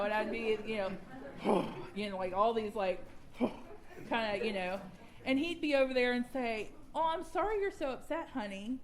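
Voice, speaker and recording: Candid woman, slightly high voice. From Georgia, US. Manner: candid, conversational, laughs at herself. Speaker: workshop speaker sharing her story. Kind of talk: personal recovery share.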